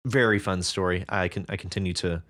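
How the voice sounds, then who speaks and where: Deep-voiced man chatting on a podcast. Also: fairly even intonation, a little fast, fairly bright tone, no room sound. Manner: chatty, enthusiastic, laughs easily. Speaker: podcast co-host. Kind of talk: casual chat about reader stories.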